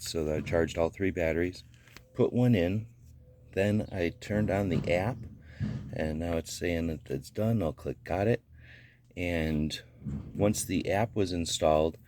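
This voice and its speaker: Low-voiced man explaining gadget setup. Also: a little slow, a little hiss or hum. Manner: relaxed, narrates each step with small fillers. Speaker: gadget reviewer. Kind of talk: casual how-to walkthrough.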